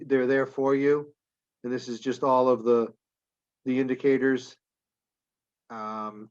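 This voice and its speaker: A man reporting to a school committee at a public meeting, halting with many fillers and restarts, his voice wearing out. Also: mid-range voice. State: losing his voice. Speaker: school superintendent. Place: town meeting room. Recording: dull lo-fi meeting recording.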